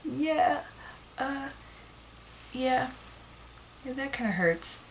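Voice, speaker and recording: A woman's voice: sits high, expressive, extremely slow, a little hiss or hum. A woman vlogging in a casual chat, talking in a chatty, filler-heavy way and venting her frustration.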